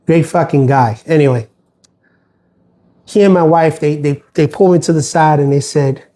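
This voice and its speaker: A middle-aged man talks through a casual livestream, aggrieved and rambling, stumbling over fillers and restarts. His voice sits a little high for a man, with a mellow, dark tone. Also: normal speed, pauses often. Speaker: postal worker livestreaming.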